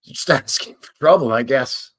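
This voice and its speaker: A man's voice: mid-range voice, moderate pace, fairly bright tone. A man hosting a live stream, reading passages aloud and breaking off for wry, self-deprecating comments.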